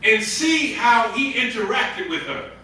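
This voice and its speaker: Male imam, casual storytelling sermon with slang; bright, high voice, roomy hall. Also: sing-song, a little slow, recorded from a distance, a little hiss or hum. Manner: storytelling, conversational with street slang. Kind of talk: Ramadan sermon.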